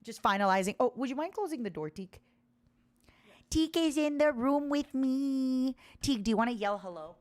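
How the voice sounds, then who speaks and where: A woman's voice: expressive, moderate pace, dry recording. Chatty woman streamer, dry close sound. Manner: chatty, bouncy, jumps in pitch when reading chat. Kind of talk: casual livestream chat. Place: indoor room.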